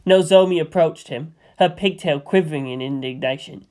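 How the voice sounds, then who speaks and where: A woman reading a fan-written story aloud in a lively, expressive way. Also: sits low, normal speed, hardly any pauses. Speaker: fanfic reader.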